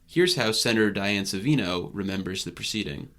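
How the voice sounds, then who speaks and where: A man narrates a news podcast in a somewhat low voice that moves a lot in pitch. His reading is measured and even, the steady delivery of a scripted report.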